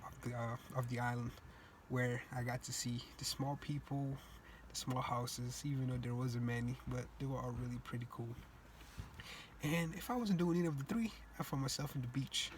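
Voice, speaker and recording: A man's voice: medium pitch, fairly even intonation, normal speed, slight background noise. A young man from Cape Verde telling a personal story, earnest and reflective, with loose casual grammar. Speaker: student speaker.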